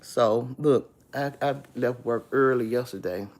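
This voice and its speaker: A woman's voice: rumbling low, measured pace, darkish tone. A sick woman with a chest cold, lying in bed and chatting on a phone live stream, greeting viewers by name and calling them baby. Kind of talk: casual live-stream chat.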